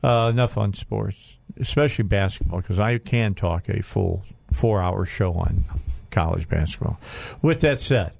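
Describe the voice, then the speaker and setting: A man's voice: fairly low pitch, unhurried, vocal fry, hardly any pauses, darkish tone, no echo. A man hosting a casual radio talk show, rambling and chatty, often trailing off and restarting his sentences.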